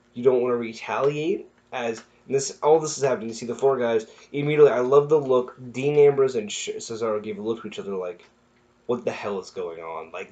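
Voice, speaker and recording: A young man giving a casual, excitable recap, rambling and correcting himself as he goes. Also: medium pitch. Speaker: wrestling recap vlogger. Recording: muffled lo-fi recording.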